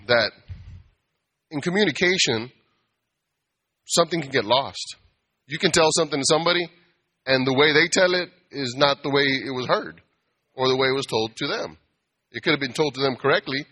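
A man speaks to an audience in a loose, sermon-like talk, full of jokes and small acted scenes. His voice is bright and forceful at a middle pitch. He keeps checking in with his listeners for an amen. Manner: animated, asks the audience for amens, acts out bar customers. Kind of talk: conversational preaching with humor.

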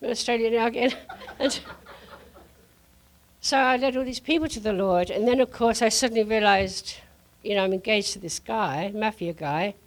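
An older woman preaching to a congregation, telling a lively testimony story with frequent laughter. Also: fairly high pitch, normal speed. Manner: animated storyteller, laughing often.

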